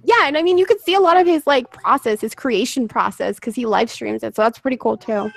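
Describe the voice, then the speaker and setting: A woman's voice: a little high, a little fast, creaky, no echo. A woman who narrates stories online, chatting casually and telling stories with frequent laughter. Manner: chatty storyteller, laughs often. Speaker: narrator and podcast guest. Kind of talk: casual chat.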